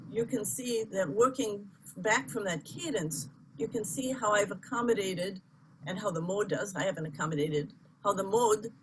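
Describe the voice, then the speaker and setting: A woman's voice: medium pitch, noisy background. A woman teaching chant in an online workshop, explaining with chatty asides, apologies and easy laughter.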